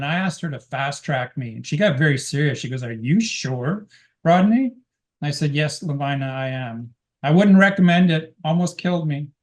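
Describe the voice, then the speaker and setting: A man's voice: fairly high pitch, darkish tone. A man teaching a class, sharing his spiritual experiences in an earnest, rambling storytelling way with frequent restarts. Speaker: guest speaker teaching a class. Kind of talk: personal spiritual testimony.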